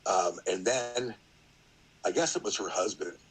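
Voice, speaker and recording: A man's voice: on the low side, a little slow, slightly rough, poor audio. A middle-aged man, a podcast guest, telling a story in a rambling, casual way, full of fillers and acted-out quotes.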